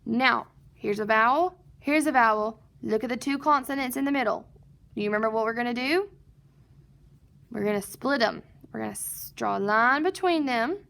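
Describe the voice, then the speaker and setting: A woman teaching a recorded phonics lesson to first graders, sounding out word parts slowly and patiently and asking and answering her own questions. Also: a little high, creaky, fairly bright tone.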